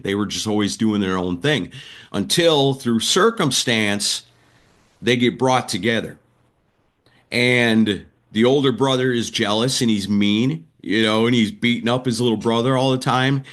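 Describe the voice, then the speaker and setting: Here a man of medium pitch and slightly bright tone speaks as an interview guest. He works as a wrestling announcer and writer, and on this podcast he vividly recounts stories, voicing the quotes himself.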